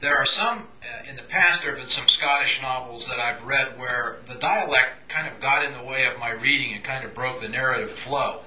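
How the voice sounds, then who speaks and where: A man's voice: medium pitch, normal speed, hardly any pauses, sharp tone. A man hosting an interview, asking questions in a hesitant way with many fillers. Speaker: interviewer host. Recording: echoey room.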